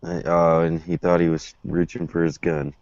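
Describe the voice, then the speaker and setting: A male co-host on a casual talk show, asking blunt, quick questions. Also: deep voice, little pitch movement, a little mellow, no echo. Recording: dry lo-fi stream audio.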